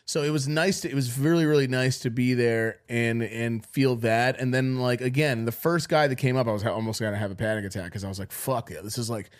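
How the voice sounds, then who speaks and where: A New man trades stories on a casual podcast. He talks in an animated way, swears a lot and acts out what people said to him. His voice sits at an ordinary middle pitch. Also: a little fast, few pauses. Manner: animated storyteller, heavy swearing, acts out quotes. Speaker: podcast co-host. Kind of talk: casual chat.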